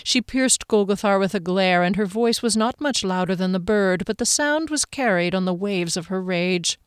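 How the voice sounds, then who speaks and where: A woman narrating a novel in an even, measured storytelling manner. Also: mid-range voice, smooth, no room sound, studio quality. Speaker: audiobook narrator. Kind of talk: scripted narration.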